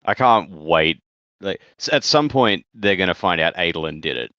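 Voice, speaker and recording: Young male co-host, low voice, excitable and profane, dry, dull recording. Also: normal speed, no room sound. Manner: blunt, excitable, swears freely. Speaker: podcast co-host. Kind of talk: casual book discussion.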